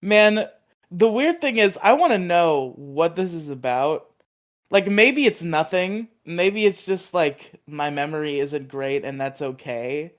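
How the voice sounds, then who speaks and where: A young man with a fairly high voice talks casually on a podcast. He recounts stories at an easy pace and keeps laughing at himself. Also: animated, unhurried. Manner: chatty, self-amused storytelling with frequent laughs. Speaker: podcast co-host.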